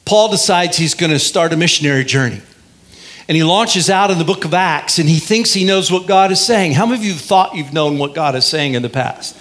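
A male pastor preaching a sermon in a lively way, drawing out key phrases and leading the congregation in call and response. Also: on the high side, brisk. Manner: lively, drawls out key phrases, has the congregation repeat lines.

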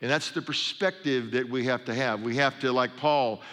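Bright-voiced preacher in a reverberant hall. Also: male voice, medium pitch, fairly even intonation, normal speed. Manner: conversational storytelling with humorous asides. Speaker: pastor and sports chaplain. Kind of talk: sermon.

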